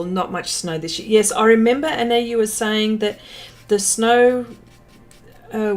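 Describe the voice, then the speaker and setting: Slow chatty Australian woman. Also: medium pitch, a little mellow. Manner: chatty, rambling, reads viewer comments aloud with many fillers. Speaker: livestream host. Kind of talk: casual chat while painting, reading comments.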